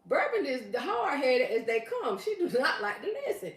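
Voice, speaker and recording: A woman's voice: high-pitched, sing-song, fairly quick. A woman hosting a casual livestream, reading out viewer comments and teasing her regulars by name in a chatty, playful way. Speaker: livestream host. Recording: roomy, mic at a distance.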